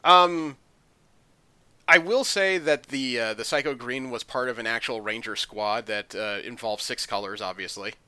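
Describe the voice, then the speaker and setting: Bright-voiced man hosting comic news. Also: medium pitch, normal speed, smooth, no echo. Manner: chatty, with frequent ums and uhs. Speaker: podcast host reading comic news. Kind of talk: casual chat.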